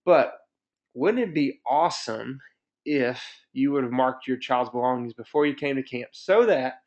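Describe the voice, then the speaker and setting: A man in his 30s with a medium-pitched voice and a measured pace presents a parent webinar as a camp staff director. He shares personal stories in an upbeat, chatty way, picked up by a computer mic in dull, lo-fi webinar audio.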